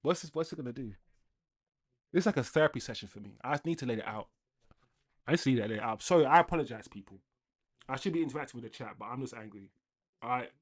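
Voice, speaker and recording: A young man hosting a live football watchalong, ranting casually to his chat and swinging between loud outbursts and low muttering. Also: animated, fast talker, pauses often. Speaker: livestream football watchalong host.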